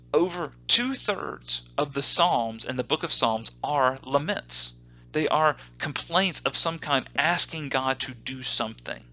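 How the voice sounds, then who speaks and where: A man's voice: fairly high pitch, sharp tone, muffled recording. A man teaching a lecture, reading passages aloud and stopping to explain them and pose questions to the class. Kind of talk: lecture on scripture.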